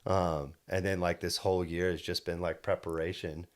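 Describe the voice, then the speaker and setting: Deep-voiced young man rambling earnestly. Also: flat delivery, normal speed. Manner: earnest, rambling, full of restarts and "like". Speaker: podcast co-host and solar salesman. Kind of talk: casual storytelling chat.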